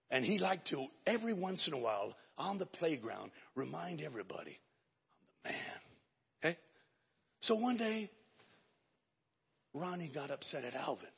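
A male pastor with a high, gravelly, husky voice that swoops wide in pitch as he preaches. He drops into hushed storytelling, then rises to shouting. The dull, lo-fi recording carries a long hall reverb. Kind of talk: sermon. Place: church sanctuary.

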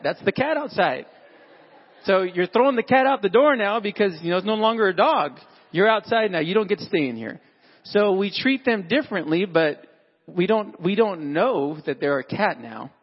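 A man's voice: high-pitched, long reverb tail, lo-fi sound. A man addressing fathers at church in a conversational, sermon-style talk, acting out everyday dialogue. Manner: conversational, acts out dialogue with animated voices.

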